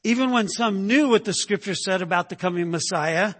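A man's voice: high voice, brisk, fairly bright tone, husky, long reverb tail. A male pastor preaching a sermon, emphatic, often tagging his points with "right?".

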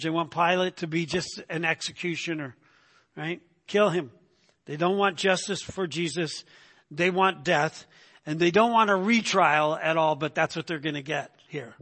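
A man delivers a sermon in a high, bright and forceful voice, talking it through with his listeners as if in conversation. He keeps asking them "right?" to check they are following. His voice carries a long reverb from a large hall. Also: normal speed. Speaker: pastor. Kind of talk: expository sermon.

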